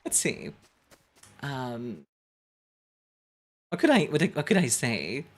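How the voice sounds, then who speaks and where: Low-voiced, very animated young woman streamer. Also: slow. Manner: chatty and playful, laughing often, rambling asides to chat. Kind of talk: casual live-stream game commentary.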